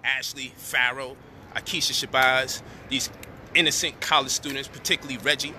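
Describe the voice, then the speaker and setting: Indignant man ranting with a bright edge. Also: medium pitch, fairly even intonation, normal speed, a little hiss or hum. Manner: indignant, profane, rising to near shouting at times. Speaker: online commentator addressing his audience. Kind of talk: heated direct-to-camera rant.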